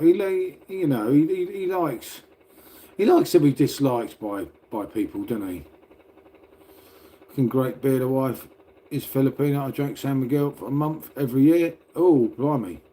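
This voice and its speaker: Indoors at home beside a radiator, a middle-aged man from Britain reads his livestream chat and chats casually with viewers, rambling, laughing, and cursing. He sounds animated yet unhurried, with a mellow mid-range voice.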